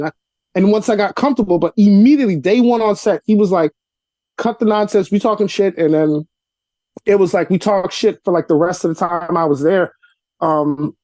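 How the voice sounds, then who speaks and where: A young adult man from Brooklyn, a guest telling casual stories in an interview over a video call from his apartment, acting out dialogue as he goes. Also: dry recording. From Brooklyn, New York. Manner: animated storyteller, acts out dialogue with rising pitch. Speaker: actor and comedian guest. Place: cluttered apartment room.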